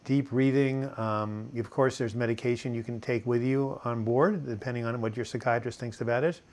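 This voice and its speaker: An older man hosting a live video chat from home, reading viewer comments and answering in a relaxed, rambling way with many fillers and restarts. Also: medium pitch, normal speed. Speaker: host of a live video chat on mental health. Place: home in Portland, US.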